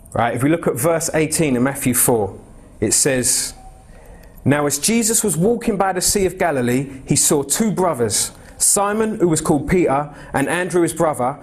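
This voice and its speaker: Conversational young male preacher, slightly high. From England. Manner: conversational and direct, asks the congregation questions. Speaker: pastor. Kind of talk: expository sermon. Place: church.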